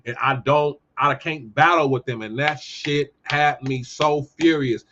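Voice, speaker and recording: Man, high voice, heated profane rant, host commentary, dull lo-fi sound. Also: a little slow, slight background noise. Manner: profane, ranting, animated storytelling. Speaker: podcast host.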